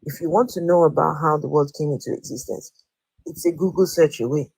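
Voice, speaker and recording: A woman's voice: low-pitched, brisk, gravelly, darkish tone, husky, rough recording. A woman hosting a live audio-room debate, firm and blunt, who presses the same question again and again. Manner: firm and blunt, repeats her questions insistently. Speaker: host of an online audio discussion room.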